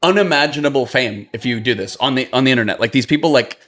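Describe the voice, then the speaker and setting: A man's voice: mid-range voice, fast, fairly bright tone. A man in a casual podcast chat, talking bluntly and emphatically with frequent swearing.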